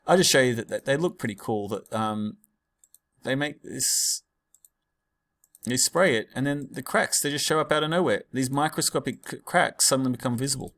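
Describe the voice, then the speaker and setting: A man's voice: medium pitch, moderate pace, fairly bright tone. A man teaching a class in a casual, digressive lecture full of fillers and asides.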